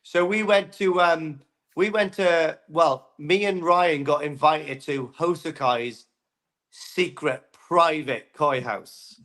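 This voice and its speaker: A man joining a live auction as a guest, telling excitable, jokey stories in casual banter. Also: on the high side, slow pace. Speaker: guest co-host.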